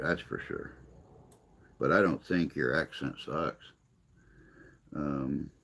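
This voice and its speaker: Older male host, very low gravelly voice, slow rambling chat delivery, self-deprecating. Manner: rambling, self-deprecating, reads viewer comments aloud. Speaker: livestream host reading chat. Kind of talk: casual chat.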